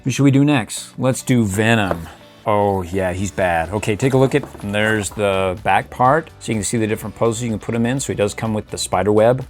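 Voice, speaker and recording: A man's voice: fairly low pitch, a little fast, soft background music. A middle-aged man hosting a casual toy review, playful and chuckling, making little sound effects as he poses figures. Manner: playful, chuckling, makes sound effects while posing toys.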